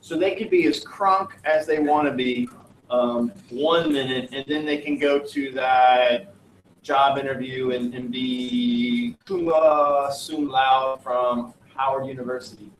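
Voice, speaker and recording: A man from the United States teaches a class, lecturing in a chatty, jokey way that often wanders off on tangents. His mid-range voice moves slowly, and the roomy classroom audio comes from a distant mic with slight background noise.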